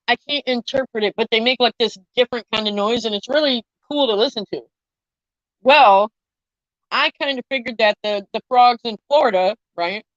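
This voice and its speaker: Woman vlogger, casual and profane storyteller, slightly high voice, dry, muffled home recording. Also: dry recording. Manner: animated, profane, chatty, talks to viewers. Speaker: vlogger, army veteran.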